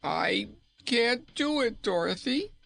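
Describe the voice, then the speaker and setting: A man's voice: sits high, very animated, measured pace, creaky, fairly bright tone, pitched above the performer's own voice, full character voice. A man voicing a cowardly, whining male gnome king who pleads and trembles. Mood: pleading.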